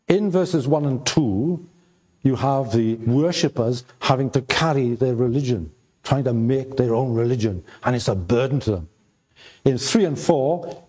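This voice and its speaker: An older man preaches at a slow, unhurried pace. He stumbles through fillers and restarts, then presses his points home by repeating them with emphasis. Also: medium pitch, mellow, slightly rough. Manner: slow, halting delivery with many fillers and repeated words; emphatic repetition when reading scripture aloud. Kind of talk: sermon.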